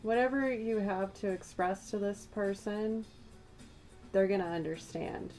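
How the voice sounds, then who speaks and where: A woman's voice: medium pitch, a little slow, a little mellow. A woman giving a channeled tarot reading, musing aloud and speaking straight to the listener, her voice a little worn. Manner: musing, addresses the listener directly. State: slightly losing her voice. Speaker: tarot reader. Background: background music.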